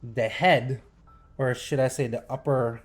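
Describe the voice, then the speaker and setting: A young man tells a story on a casual podcast, animated and excitable, throwing in sound effects as he goes. His voice sits at an ordinary middle pitch. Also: a little slow, soft background music. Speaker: podcast host.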